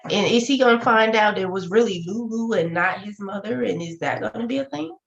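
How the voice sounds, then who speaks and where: A woman's voice: medium pitch, fairly quick, creaky. A woman co-hosting a casual TV recap chat, tossing in wry joking asides. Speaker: podcast co-host. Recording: muffled lo-fi audio.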